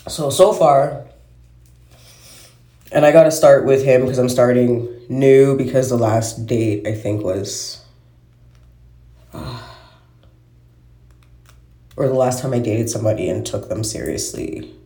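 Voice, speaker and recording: A man's voice: medium pitch, slow, long pauses, warm tone. A man hosting a casual podcast monologue, rambling and swearing freely, often trailing off and restarting. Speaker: podcast host. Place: at home, smoking while recording. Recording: roomy echo.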